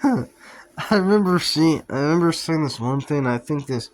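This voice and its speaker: A man's voice: fairly high pitch, animated, normal speed. A young man telling childhood stories in a loose, rambling, profane way, often laughing at himself. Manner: profane, offhand, laughs at his own stories. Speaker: vlogger. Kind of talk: rambling casual storytelling.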